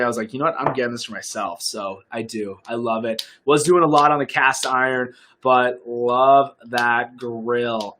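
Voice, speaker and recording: A man's voice: medium pitch, fairly bright tone. A young man, a fitness coach, chatting casually on a livestream and answering viewer questions in an upbeat way.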